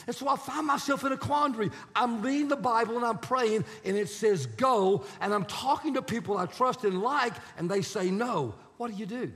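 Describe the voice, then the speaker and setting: A man's voice: very high-pitched, moderate pace, few pauses, a bit bright. A male pastor preaching a sermon, telling a story and acting out the quotes. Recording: preached in a reverberant hall.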